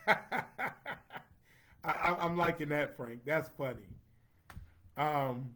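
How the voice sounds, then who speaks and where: Man hosting a casual livestream, playful and chatty, slightly high voice, reads comments aloud. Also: slow, long pauses, fairly bright tone. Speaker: host reading viewer comments.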